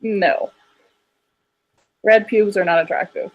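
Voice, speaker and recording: A woman's voice: medium pitch, fairly even intonation, slow, highs cut off. A woman in casual chat on a stream, blunt and teasing.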